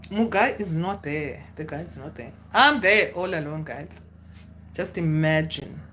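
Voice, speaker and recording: A young woman, telling a personal story to camera in a casual, dramatic way with sudden high exclamations. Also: unhurried, pushed and bright, slight background noise. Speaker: vlogger.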